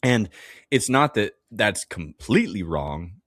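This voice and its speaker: A man with a very deep voice co-hosts a relaxed Bible-study podcast. His pitch swings widely as he rambles, corrects himself mid-sentence and laughs often. The sound is close and completely dry. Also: unhurried, no room sound. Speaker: podcast co-host.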